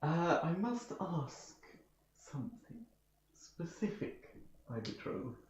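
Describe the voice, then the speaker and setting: Man doing a coy pampered noble lady, teasing, a bit high, echoey lo-fi sound. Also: lively intonation, a little slow, distant mic. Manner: coy and teasing, fond pet names.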